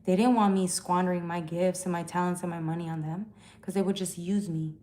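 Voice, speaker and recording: A woman hosts a live tarot stream on a phone mic, chatting casually but bluntly, swearing and confronting viewers as she calls them out. Her voice is on the low side and warm, a little fast, with fairly even intonation.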